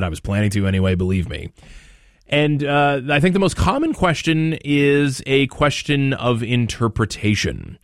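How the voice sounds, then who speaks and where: A man's voice: lowish voice, no echo, clean studio sound. A man hosting a morning radio news show, talking through election results in a chatty, off-the-cuff way with fillers and asides. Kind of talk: conversational political commentary.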